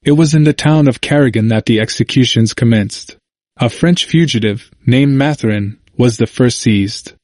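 Man in measured formal narration. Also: medium pitch, darkish tone, no echo. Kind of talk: scripted audiobook narration of old history.

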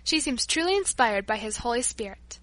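Brief: a soft, motherly storybook woman, gentle and hesitant, read by a woman, bright tone. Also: on the high side, lively intonation, brisk, no room sound, low-quality recording.

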